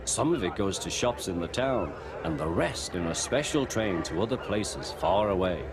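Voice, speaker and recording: A man reading a storybook aloud in a measured, expressive way. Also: low voice, crowd noise. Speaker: narrator. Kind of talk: storybook narration.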